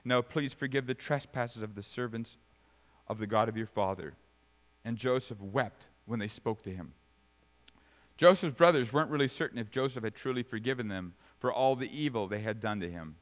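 A man preaching a sermon, swinging from sudden high, loud bursts to soft, low asides. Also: moderate pace. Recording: long reverb of a large hall.

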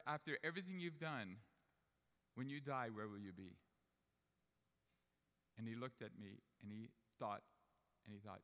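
A man's voice: mid-range voice, sharp tone. Man preaching in a reverberant hall. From Jewish family upbringing. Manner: storytelling, rising to emphatic preaching. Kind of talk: sermon.

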